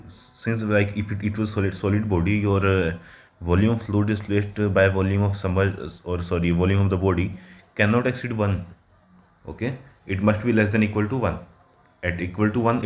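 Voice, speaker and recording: A man working through an engineering problem at a whiteboard, halting often with fillers and self-corrections. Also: fairly low pitch. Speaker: engineering exam tutor.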